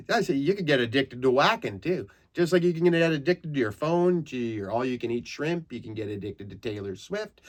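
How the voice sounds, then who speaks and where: A man from Canada hosting a comedy podcast, rambling through crude stories with frequent laughs. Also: mid-range voice. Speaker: podcast host. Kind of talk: casual comedic monologue.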